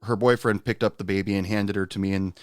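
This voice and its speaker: Smooth-voiced man telling a story. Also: on the low side, dry recording, studio quality. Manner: rambling, many "uh" pauses, animated when quoting. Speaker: podcast host and bartender. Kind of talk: casual storytelling monologue.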